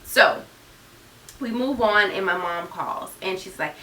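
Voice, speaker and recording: A woman in her twenties shares a personal storytime vlog, speaking earnestly and chattily straight to her viewers. Her mid-range voice is fairly quick and a bit bright, picked up by a distant mic in an echoey room.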